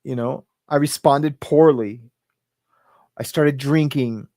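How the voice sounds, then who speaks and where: A man's voice: mid-range voice, steady tone, slow, warm tone, no room sound, studio quality. Rambling middle-aged man telling a story. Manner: rambling, full of "right?" and "like". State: emotional, near tears. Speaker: podcast guest. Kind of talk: personal storytelling.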